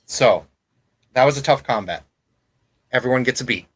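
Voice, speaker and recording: A man's voice: medium pitch, normal speed, husky, poor audio. A man running a tabletop role-playing game as game master, narrating casually with fillers and restarts.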